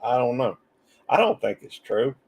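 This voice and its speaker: A man's voice: mid-range voice, sing-song, normal speed, a little mellow, breathy edge. A man with a Southern US accent hosting a live stream, chatting loosely and reading viewer comments as he rambles. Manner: rambling, drawling, reads chat comments aloud. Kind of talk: casual live stream chat.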